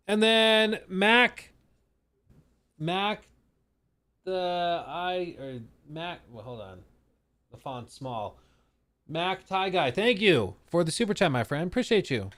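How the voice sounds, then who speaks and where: Animated, joking male streamer. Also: fairly high pitch, slow pace, long pauses. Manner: joking, laughs often. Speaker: live streamer reacting to a video. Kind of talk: casual chat.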